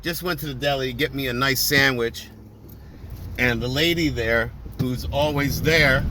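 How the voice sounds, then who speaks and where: A vlogger chats casually while driving in traffic, laughing and telling stories in which he does the voices of the people he quotes. His voice is fairly high and a little slow, with car, road and traffic noise in the background.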